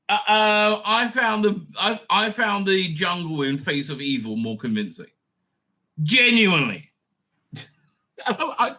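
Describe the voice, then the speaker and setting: A middle-aged man hosting a casual TV review, excitable and blunt, swearing freely, laughing often and trailing off mid-thought. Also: high-pitched. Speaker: show host reviewing TV episodes. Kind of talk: casual rambling review monologue.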